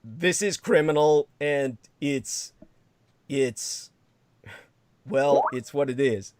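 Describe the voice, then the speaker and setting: A man's voice: mid-range voice, drawn-out words, darkish tone, smooth, no echo. Sarcastic rambling male livestream host. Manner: sarcastic, laughs often, crude asides.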